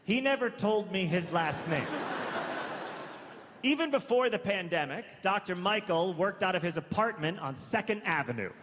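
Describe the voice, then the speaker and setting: A man performing stand-up comedy, telling a story in a conversational way, stacking asides and self-corrections and delivering absurd details deadpan. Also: high-pitched, moderate pace, slight background noise. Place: comedy club stage before a live audience. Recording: reverberant venue with crowd ambience.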